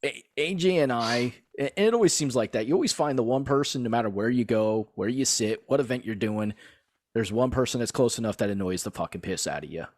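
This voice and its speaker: A man's voice: medium pitch, fairly quick, dry recording, clean studio sound. A man co-hosting a podcast, telling stories in casual chat with lots of "like" and plenty of swearing. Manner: animated storyteller, swears freely, lots of "like". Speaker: podcast co-host.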